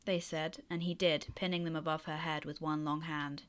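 A woman reading her own story aloud in a steady, even voice, then chatting about it. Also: sits low, moderate pace. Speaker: author and reader.

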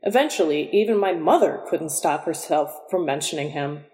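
A woman narrating a story in the first person, in a dry, measured and wry way. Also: low-pitched, animated, mellow, long reverb tail. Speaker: audiobook reader.

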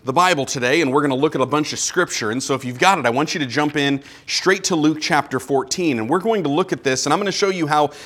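A man's voice: fairly high pitch, fast talker, few pauses, a bit bright. A male pastor preaching a conversational, emphatic sermon full of rhetorical questions.

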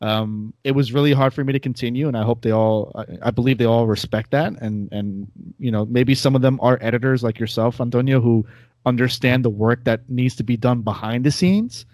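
A man's voice: medium pitch, steady tone, brisk, darkish tone, no echo. A man, chatting casually as a podcast guest in a rambling, self-deprecating way. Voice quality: nasal. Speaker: podcast guest, former host. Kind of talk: casual chat.

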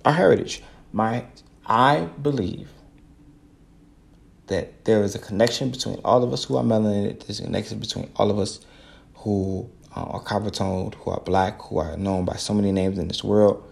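Podcast host, young American man, low and gravelly, earnest and a bit preachy, repeats lines for emphasis. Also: normal speed. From United States. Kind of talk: casual solo podcast monologue.

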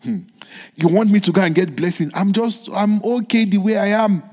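A man's voice: high voice, normal speed, warm tone, husky. A man voicing a timid young man with a thin voice, nervously protesting a risky plan. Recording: long hall reverb.

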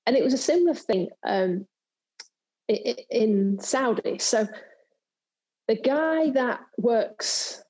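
A chatty woman from England telling a story in an interview. Her voice is mellow and a little husky, and she talks easily, with many fillers and restarts. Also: fairly high pitch, animated, takes it slowly, long pauses, rough recording. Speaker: guest, golf presenter and former pro golfer. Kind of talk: casual interview chat.

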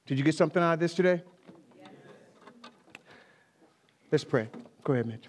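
A male pastor delivers a sermon to his congregation, driving his points home by repeating key phrases. His voice sits a little high for a man. The sound carries the long reverb of a large church hall. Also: normal speed, pauses often, a little hiss or hum.

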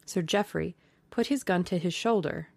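Woman reading an old novel aloud, low voice, kinda gravelly, dry close sound. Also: darkish tone, no echo. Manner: slow, measured storytelling. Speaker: audiobook narrator.

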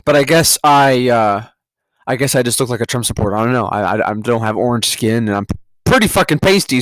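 A podcast host from California tells a story as a profane, sarcastic rant, now and then laughing at his own story. His voice sits at an ordinary pitch for a man. The sound is dry and close, with no room around it. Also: brisk, a bit bright, no echo. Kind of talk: casual ranting monologue.

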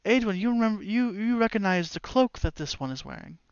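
Game master, tabletop narration, halting, restarts, dry room. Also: medium pitch, expressive, clear, resonant tone, no room sound, muffled recording. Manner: halting, full of restarts and fillers.

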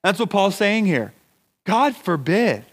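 A man preaching a sermon as pastor, deliberate and emphatic, asking his congregation rhetorical questions. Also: sits high, sing-song, slightly rough. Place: church.

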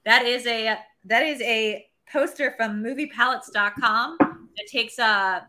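Bright-voiced chatty woman host. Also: fairly high pitch. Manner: chatty, filler-heavy, quick plugs. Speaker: podcast co-host. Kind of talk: casual chat.

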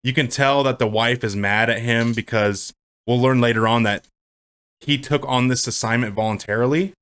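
Male podcast co-host, mid-pitched, casual and profane, joking through a movie recap. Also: normal speed, fairly bright tone, clean tone. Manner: goofy, profane, does silly character voices. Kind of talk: casual movie commentary chat.

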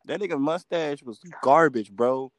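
A man co-hosting a casual podcast chat, joking and trash-talking in an animated way. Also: fairly high pitch, moderate pace, no room sound. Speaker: podcast co-host.

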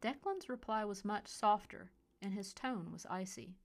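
A woman reading a short story aloud in a quiet, even way. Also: mid-range voice, measured pace. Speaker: narrator. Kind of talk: scripted story narration.

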